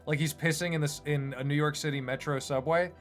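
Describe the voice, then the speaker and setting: A man's voice: on the high side, steady tone, a little fast, soft background music. A man who animates online, chatting casually on a livestream in a rambling, self-deprecating way. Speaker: streamer and animator.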